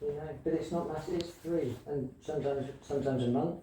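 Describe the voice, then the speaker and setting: A man's voice: a little high, a little fast, warm tone. A man arguing heatedly as a patient, pleading and swearing in a real-life conversation. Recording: noisy handheld audio log.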